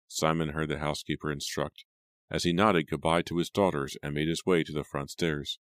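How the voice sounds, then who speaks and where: A man narrates an audiobook in a steady, measured way. His voice is extremely deep, and the recording is dry and close to the mic. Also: no room sound. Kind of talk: scripted narration.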